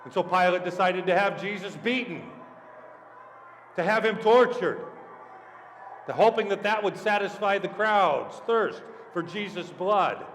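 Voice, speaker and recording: A male pastor preaching an animated storytelling sermon, asking the congregation questions. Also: high voice, a little slow, slight background noise. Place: church sanctuary. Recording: echoey church hall.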